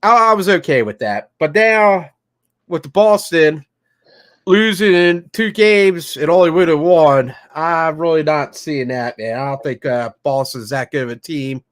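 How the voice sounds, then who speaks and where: A man's voice: on the high side, measured pace, a bit bright. A man co-hosting a casual podcast chat over beers, easygoing and full of "man" and "you know". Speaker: co-host.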